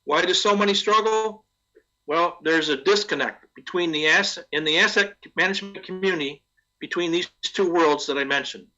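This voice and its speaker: Bright-voiced man giving a conference talk. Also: sits high, normal speed, muffled recording. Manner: conversational, asks rhetorical questions. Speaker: conference speaker. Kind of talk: conference presentation.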